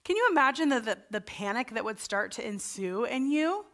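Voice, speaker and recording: A woman's voice: a little high, sing-song, a little fast, fairly bright tone. A woman pastor giving a sermon in a conversational storytelling way, acting out the voices of the people she describes. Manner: conversational storytelling, acts out the Israelites' panicked voices.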